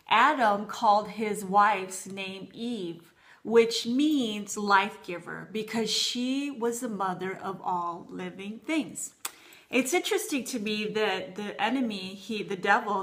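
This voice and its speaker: A woman's voice: mid-range voice, fairly bright tone. A woman in her thirties giving a conversational sermon to women, telling personal stories with quoted dialogue. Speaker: women's ministry speaker.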